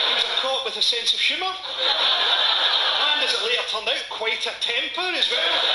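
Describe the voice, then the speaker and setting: A Scottish man in his forties performs stand-up in a roomy venue, his voice pitched fairly high for a man. He delivers dark punchlines in a dry, sardonic way. An audience is clearly heard around him. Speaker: stand-up comedian. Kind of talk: stand-up comedy set. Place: comedy venue before a live audience. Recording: echoey venue with audience noise.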